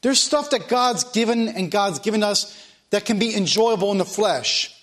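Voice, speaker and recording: High-voiced preacher repeating his points. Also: lively intonation, moderate pace, fairly bright tone. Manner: preaching with emphatic repetition, reading scripture aloud. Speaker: pastor. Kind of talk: sermon.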